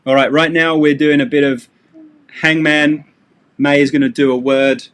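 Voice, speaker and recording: A man's voice: on the high side, level tone, normal speed, background noise. Chatty man teaching English. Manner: casual, joking, sarcastic asides. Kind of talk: live-streamed English lesson.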